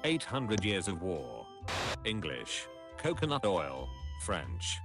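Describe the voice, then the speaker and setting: A man reading meme captions aloud in a dry, deadpan, clipped way. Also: deep voice, slow, music in the background.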